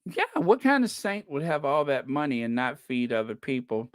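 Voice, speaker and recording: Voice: medium pitch, sing-song, normal speed, no room sound, clean studio sound. A livestream host reading the chat in a casual, chatty way, laughing often and stretching out repeated no's.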